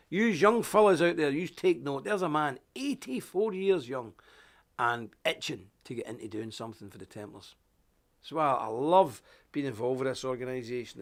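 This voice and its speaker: Ranting man, under the weather. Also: medium pitch. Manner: animated, ranting, folksy. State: unwell with a stuffy, inflamed nose. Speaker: guest presenter of a live online show. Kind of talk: live broadcast chat and rant.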